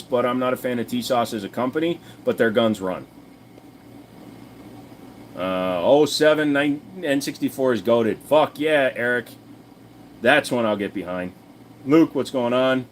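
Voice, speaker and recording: A medium-pitched male voice, with slight background noise, belongs to a casual livestream host. Chatty and direct with viewers, he answers chat in a blunt, profane, rambling style heavy on fillers.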